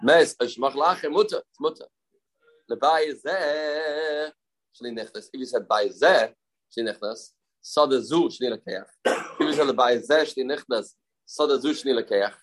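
A man's voice: mid-range voice, brisk, slightly rough, poor audio. A man teaching a Talmud lesson step by step, repeating his key points and mixing Aramaic and Hebrew terms into his English.

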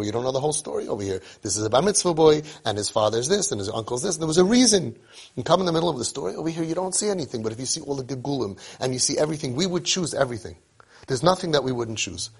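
A man's voice: medium pitch, husky. A man giving a sermon, telling stories and mixing in Yiddish and Hebrew words. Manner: storytelling with Yiddish and Hebrew words, animated asides. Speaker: rabbi giving a Torah talk.

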